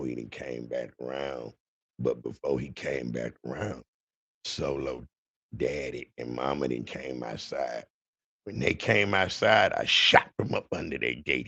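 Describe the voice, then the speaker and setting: Man, podcast host, heavy gravelly voice, husky, animated storytelling. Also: rumbling low. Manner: animated, profane, addresses listeners as y'all. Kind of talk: dramatic storytelling.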